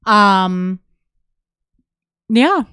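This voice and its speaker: A woman's voice: medium pitch, animated, very slow, fairly bright tone, clear, resonant tone, dry recording. A woman co-hosting a comedy podcast, chiming in with dry, teasing remarks. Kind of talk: casual chat.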